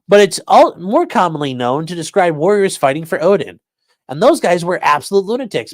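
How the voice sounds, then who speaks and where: A man's voice: fairly high pitch, no echo. A man hosting a casual crime livestream, sarcastic and profane, mocking his subjects and reading out chat comments. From rural area. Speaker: livestream host.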